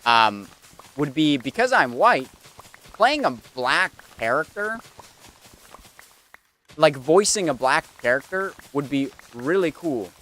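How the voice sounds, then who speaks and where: A man's voice: fairly high pitch, sing-song, takes it slowly, long pauses, bright, forceful tone. A man streaming a game, chatting casually and rambling with many fillers. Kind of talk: casual commentary while gaming.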